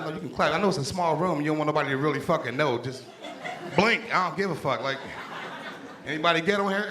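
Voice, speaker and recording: A man from Pittsburgh doing a stand-up set in a small comedy club, cursing freely and working the crowd. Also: on the high side. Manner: profane, loose, crowd-working banter. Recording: echoey room with crowd noise.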